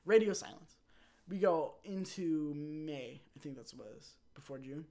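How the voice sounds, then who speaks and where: A young man hosting his own channel, telling a rambling personal story in a casual, animated way and acting out quotes. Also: on the high side. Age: young adult. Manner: animated, rambling, with quick restarts and acted-out quotes. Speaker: channel host.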